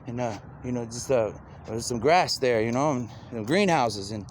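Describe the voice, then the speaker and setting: A man rambles on in an unhurried stream of talk, stringing thoughts together with endless "you know"s. His voice sits at an ordinary middle pitch. A faint background hiss runs under the recording. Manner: rambling, loose, repeats "you know" constantly, slips into quoted voices. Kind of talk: rambling monologue.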